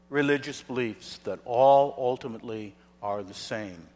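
A man preaching a sermon as a pastor, emphatic and swinging between hushed, low passages and loud declarations. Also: moderate pace. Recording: long reverb of a large hall.

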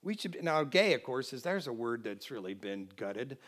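A man from the United States preaching a Christmas sermon, animated, swinging between loud exclamations and quiet asides. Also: mid-range voice, moderate pace.

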